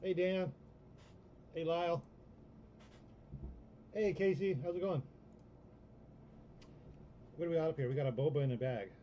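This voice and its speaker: A man's voice: fairly high pitch, steady tone, a little slow, pauses often, lo-fi sound, a little hiss or hum. A man co-hosting a live auction stream, easygoing, greeting viewers and reading out bids. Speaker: auction co-host.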